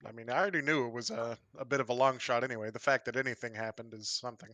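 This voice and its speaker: A man playing a tabletop game, upbeat and quick to laugh. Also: medium pitch, pushed and bright, dry recording. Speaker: player.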